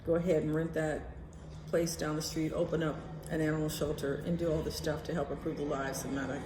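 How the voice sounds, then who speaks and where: A woman vlogging in a casual, animated chatty way, swearing now and then. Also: deep voice, fairly quick, reverberant, noisy background. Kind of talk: casual chat to camera.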